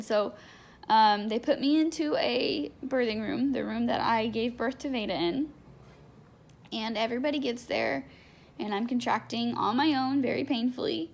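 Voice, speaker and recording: A woman's voice: high-pitched, moderate pace, vocal fry, a bit bright. A young adult woman telling a candid personal story in a chatty, unfiltered way, full of fillers. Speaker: vlogger.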